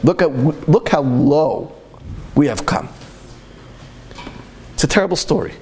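A man's voice: fairly high pitch, a little slow, a little mellow, a little hiss or hum. A man giving a storytelling sermon as a Torah speaker, impassioned and full of repeated rhetorical questions.

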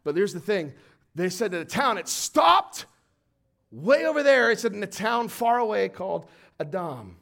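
A man preaching a sermon, animated and storytelling, swinging from quiet reading to shouted emphasis. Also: high voice, moderate pace, gravelly.

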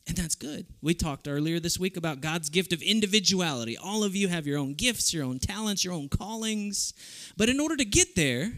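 A man from South Texas preaches to a youth group with a somewhat high voice. He tells funny stories, acting out the people in them, then drops to soft, earnest reflection. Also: fairly quick. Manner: animated, humorous, acts out quoted voices. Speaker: youth camp speaker. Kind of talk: youth sermon with storytelling.

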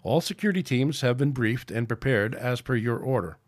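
A man's voice: mid-range voice, lively intonation, normal speed, dry recording, clean studio sound, lightly acted. A man voicing an earnest male starship security chief and helmsman in an amateur story reading. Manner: earnest, growing insistent.

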